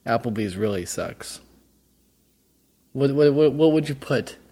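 A man's voice: medium pitch, expressive, unhurried, warm tone, slightly rough. A man co-hosting a podcast, chatting casually with a dry, joking manner. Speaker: podcast co-host. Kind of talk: casual chat.

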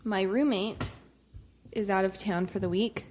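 A woman joining a casual podcast chat with wry, deadpan remarks. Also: medium pitch, measured pace, slight background noise.

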